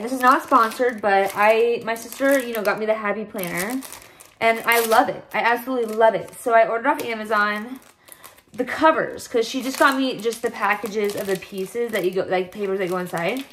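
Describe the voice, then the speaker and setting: A woman's voice: a little high, a little hiss or hum. A young woman chatting casually to the camera for her vlog, bubbly and rambling. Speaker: vlogger.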